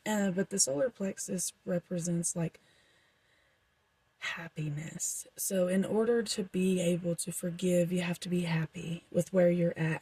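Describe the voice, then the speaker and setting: A woman's voice: on the low side, warm tone, breathy edge, no echo, low-quality recording. A young woman doing a casual, rambling tarot reading for her viewers, with frequent fillers. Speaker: tarot reader.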